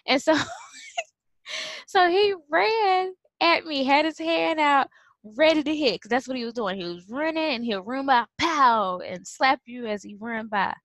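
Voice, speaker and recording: A woman's voice: high voice, sing-song, unhurried, a bit bright, dry recording. A woman telling a story casually to camera, acting out quotes and laughing often. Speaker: vlogger and former preschool teacher.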